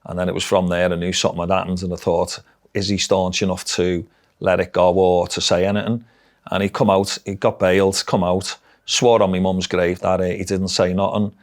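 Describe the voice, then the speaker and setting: Deep-voiced middle-aged Scouse man. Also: level tone, fairly quick. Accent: Liverpool Scouse. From Liverpool, England. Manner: blunt, dialect-heavy, frank. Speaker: interviewee. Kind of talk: candid personal storytelling.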